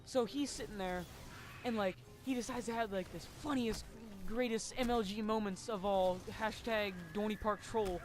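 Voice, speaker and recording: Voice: mid-range voice, moderate pace, faint music behind. A casual storyteller recounting a story over gameplay, rambling with lots of fillers and casual swearing.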